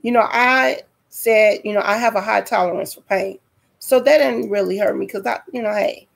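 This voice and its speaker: A woman's voice: medium pitch, normal speed, vocal fry. A woman telling a dramatic personal story to her viewers in a storytime vlog, speaking directly to them. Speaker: vlogger.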